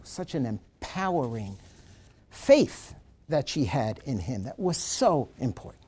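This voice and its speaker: Speaking unhurriedly in a medium-pitched voice with a breathy edge, a man lectures in a seminar, first reading a passage with animated drama and then explaining what it means.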